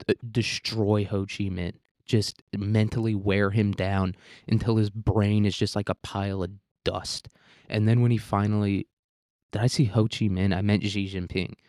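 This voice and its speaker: A young man with a rambling, crude, deadpan manner, ranting satirically as a podcast host on a close microphone. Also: fairly low pitch, dry recording. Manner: rambling, crude, deadpan provocative, many restarts. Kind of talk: satirical comedic rant.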